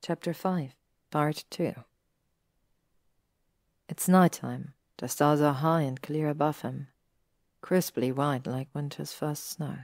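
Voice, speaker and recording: Low gravelly woman reading a story. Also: fairly even intonation, slow, long pauses, darkish tone, dry recording, clean studio sound. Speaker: narrator. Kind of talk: audiobook reading of fan fiction.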